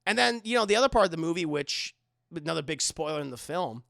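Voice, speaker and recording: A young adult man reviewing a film for a live stream chat, animated and rambling, swearing often. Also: fairly high pitch, quick pace, vocal fry, dry recording, studio quality.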